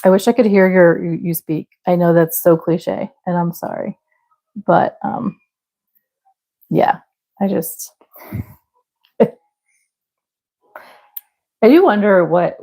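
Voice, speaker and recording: A woman from the Midwest chatting with her live viewers while she crochets, her voice mellow and warm with a gravelly edge. She rambles a little, apologizes often and laughs softly between thoughts. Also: on the low side, rough recording. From American Midwest. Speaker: crochet livestream host.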